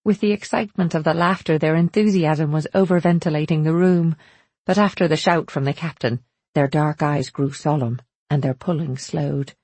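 A woman narrating a first-person audiobook in a measured, storytelling way. Her voice is mellow and slightly husky, sitting a little low, recorded close and dry. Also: steady tone, no echo.

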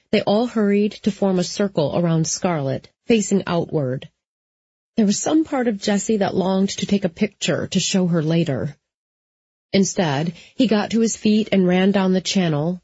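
A woman narrating an audiobook in a steady, even storytelling manner. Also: medium pitch, moderate pace, slightly rough, no echo, dull audio.

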